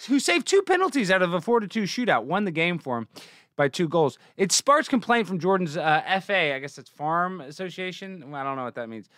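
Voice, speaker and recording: Young male host, bright tense voice, dry close recording, sarcastic rants. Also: dry recording. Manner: mocking, swings from low mutter to loud exclaims. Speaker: show host. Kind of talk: sarcastic comedic commentary.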